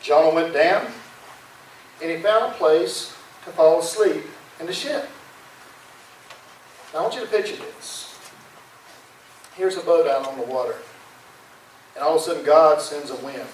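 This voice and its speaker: Pastor preaching, folksy dramatic storytelling, echoey room, mic far off. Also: male voice, fairly high pitch, measured pace, long pauses, a little hiss or hum. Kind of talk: sermon.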